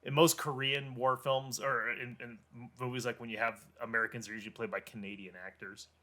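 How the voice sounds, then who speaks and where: A man's voice: medium pitch, little pitch movement, a little fast, pushed and bright. A man co-hosting a podcast, speaking casually with many hesitations and fillers. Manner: hesitant, lots of uhs and ums. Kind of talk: casual chat.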